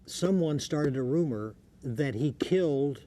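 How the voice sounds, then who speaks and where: A man's voice: a little high, expressive, measured pace, mellow, slight background noise. A man hosting a television talk show interview, chatty and retelling stories in a conversational way, recorded in a TV studio.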